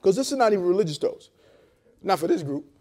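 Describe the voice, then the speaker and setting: A man's voice: high voice, big pitch swings, fast, darkish tone. A male pastor preaching a sermon in a loose, conversational way, repeating words, trading amens with the congregation and making blunt, joking asides. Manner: conversational preaching with frequent repeats and call-and-response. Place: church service held in a hotel venue.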